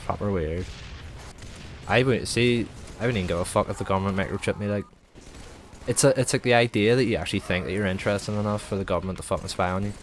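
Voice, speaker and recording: A man's voice: lowish voice, quick pace, a little hiss or hum. A young man streaming, chatting in a loose, rambling way, swearing freely and filling every gap with "like". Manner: sweary, rambling, heavy use of filler "like". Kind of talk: casual rambling chat.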